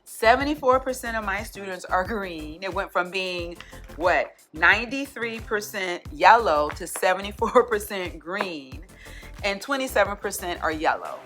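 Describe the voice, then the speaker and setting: A woman kindergarten teacher, chatting excitedly to her vlog audience, restarting often. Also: medium pitch, measured pace, faint music behind. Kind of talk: casual vlog chat.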